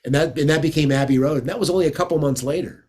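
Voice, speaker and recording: A man's voice: fairly high pitch, racing, darkish tone. A man from the United States, a guest guitarist, chatting casually in an interview as an enthusiastic, rambling storyteller.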